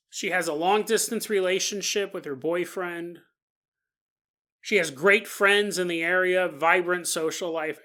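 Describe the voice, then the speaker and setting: Woman, podcast host, casual spooky storytelling, joking, acts out characters, bright tone. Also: on the low side. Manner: chatty and joking, acting out the people in the story. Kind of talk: casual paranormal story narration.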